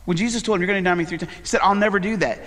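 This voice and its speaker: A man's voice: high-pitched, rapid-fire, fairly bright tone, in a large hall. A middle-aged man, a pastor, preaching a conversational sermon full of fillers and personal asides. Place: church sanctuary.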